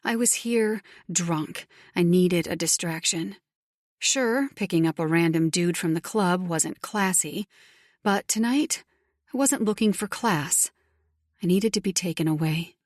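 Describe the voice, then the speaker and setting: A woman reading a first-person romance audiobook in steady storytelling narration, recorded on a close microphone. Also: on the low side, a little slow, no echo.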